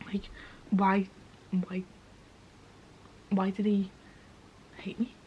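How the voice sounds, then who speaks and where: A woman's voice: medium pitch, flat delivery, drawn-out words, slightly rough, highs cut off. A young woman talks candidly to camera, sweary and tearful, often asking "do you know what I mean". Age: young adult. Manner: frank and sweary, with lots of filler questions. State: tearful, voice breaking. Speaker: vlogger. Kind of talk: casual talk to camera.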